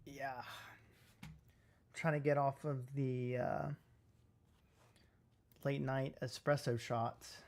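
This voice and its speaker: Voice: mid-range voice, flat delivery, takes it slowly, pauses often, a little mellow, a little hiss or hum. A livestreamer in casual stream chat at a home setup, rambling with many fillers and poking fun at themselves. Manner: rambling, filler-heavy, self-deprecating. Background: faint music and keyboard typing.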